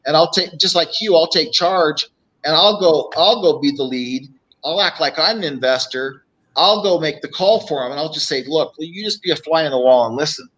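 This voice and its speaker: A man's voice: a little high, animated, a little fast, fairly bright tone, highs cut off. A middle-aged man, a real estate coach, telling stories on a live show and acting out phone calls as he goes. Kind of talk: live show guest storytelling.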